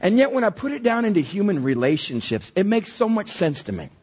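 Pastor, man in his forties, a bit hoarse and husky, lively animated delivery. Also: high-pitched, fairly quick. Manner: storytelling with lively acted-out quotes. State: slightly hoarse. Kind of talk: sermon.

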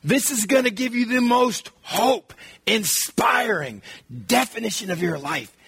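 A man preaching a sermon in an animated way, acting out voices and sometimes shouting. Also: very high-pitched, unhurried, creaky, breathy edge, no room sound. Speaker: pastor.

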